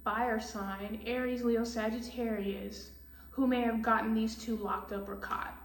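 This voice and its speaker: A woman's voice: on the high side, steady tone, unhurried, gravelly, far from the mic, slight background noise. A woman giving a casual tarot reading, blunt and profane, ranting heatedly. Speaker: tarot reader. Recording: echoey room, voice off-mic.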